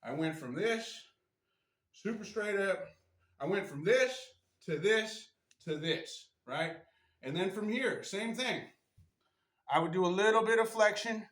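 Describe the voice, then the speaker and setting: Man, high bright voice, chatty stretching demo, strained, echoey room. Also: a little slow. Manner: chatty, repeats "right?" often. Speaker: martial arts instructor. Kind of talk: casual spontaneous demonstration. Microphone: camera mic.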